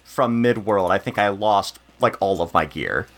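A man playing a tabletop game, relaxed and easygoing. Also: lowish voice, measured pace. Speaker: player.

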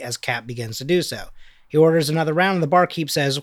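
Man, casual scene recap, slightly high voice, very dry sound, playful. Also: no echo. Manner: playful, reads out dialogue in quick put-on voices. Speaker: podcast co-host recapping a film scene. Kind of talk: casual film recap narration.

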